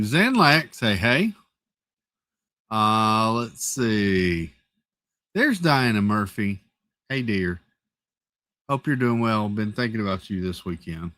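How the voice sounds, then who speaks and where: A man's voice: fairly low pitch, fairly bright tone, no echo. Casual man greeting his live-stream chat. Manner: greets chat viewers one by one, rambling and playful. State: has a headache.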